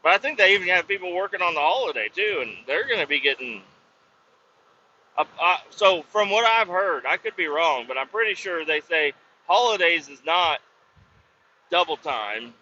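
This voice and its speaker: A podcast host who works in industrial cleaning tells a rambling work story, swearing heavily and often voicing doubts about himself. His high, expressive voice sounds pushed and bright at a normal pace. The recording is muffled, with a little hiss or hum.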